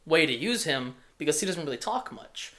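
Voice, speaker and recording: A man's voice: on the high side, sing-song, normal speed, fairly bright tone. A young man hosts a casual movie podcast. He rambles along with plenty of ums and restarts. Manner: rambling, many fillers and restarts. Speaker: podcast host.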